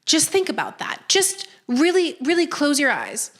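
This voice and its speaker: A young woman giving casual commentary as a video essayist, fast-talking, animated and sarcastic. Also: high-pitched.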